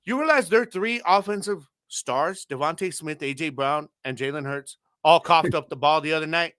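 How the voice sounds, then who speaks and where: Man, sports podcast co-host, bright tone, trash-talking, laughs a lot, dry sound. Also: fairly high pitch, no room sound. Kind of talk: casual sports talk.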